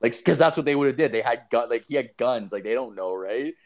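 A young man telling a rambling, profane story in casual chat, full of fillers and animated asides. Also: mid-range voice, fairly quick.

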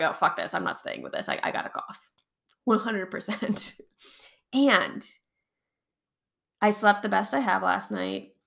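A woman talks through a casual solo podcast episode in a chatty, animated way. Her voice has a gravelly, fry-touched edge at a middle pitch, and she laughs and swears casually as she goes. She is getting over covid. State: recovering from covid. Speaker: podcast host and chronic pain coach.

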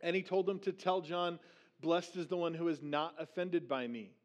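Animated male pastor preaching a sermon. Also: fairly high pitch. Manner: slows down for scripture readings, animated when acting out questions.

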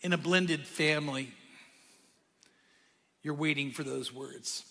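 Bright-voiced male pastor preaching. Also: on the high side, slow pace, gravelly, in a large hall. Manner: energetic, conversational preaching with sudden drops to a hush. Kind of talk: sermon.

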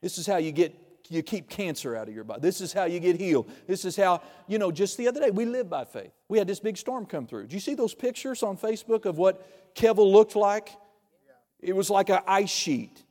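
Joking preacher in an echoing hall. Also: male voice, high-pitched, expressive, fairly quick. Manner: conversational, joking preaching with sudden loud bursts. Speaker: pastor. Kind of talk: sermon. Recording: long reverb of a large hall.

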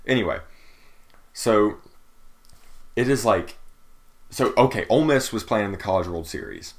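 A man's voice: fairly low pitch, animated, moderate pace. A young man co-hosting a podcast, talking casually and searching for his words. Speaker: podcast co-host. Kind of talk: casual chat.

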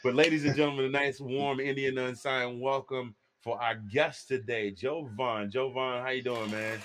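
A man hosts a podcast in a loose, talkative way. His delivery is animated and full of jokes, and he often laughs between lines. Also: mid-range voice, normal speed, a little hiss or hum. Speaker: podcast host. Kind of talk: casual chat.

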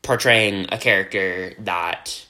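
A man's voice: low voice, fairly even intonation, takes it slowly, sharp tone. A man co-hosting a casual podcast chat, telling stories with a lot of trailing off and restarting. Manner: chatty storyteller, trails off and restarts. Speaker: podcast co-host.

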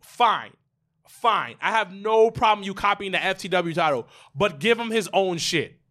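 A man co-hosting a casual podcast, talking in quick, animated bursts with laughter. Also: high-pitched. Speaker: podcast co-host.

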